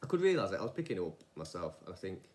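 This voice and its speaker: A young man talks through his story in a loose, podcast-style monologue. His voice sits a little low, and he drifts into tangents and restarts his sentences as he goes. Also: big pitch swings, very fast. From England. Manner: rambling, digressive, many restarts and fillers. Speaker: vlogger.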